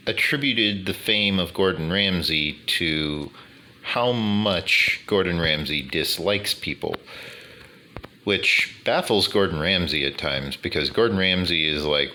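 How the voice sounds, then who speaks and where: A man in casual commentary over a game he is playing, talking in slow, wordy, formal phrases with many fillers. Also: low-pitched, sharp tone, a little hiss or hum. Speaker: gaming YouTuber. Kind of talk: rambling commentary over gameplay.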